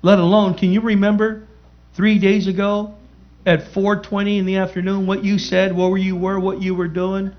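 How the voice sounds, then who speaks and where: High-voiced man preaching emphatically. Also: little pitch movement, moderate pace, lo-fi sound. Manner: emphatic preaching with repetition and calls to the congregation. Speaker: pastor. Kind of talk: sermon.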